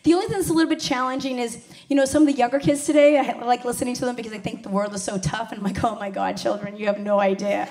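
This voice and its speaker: A woman's voice: high-pitched, very fast, a little mellow. A woman in her forties doing a blunt, profane stand-up comedy set.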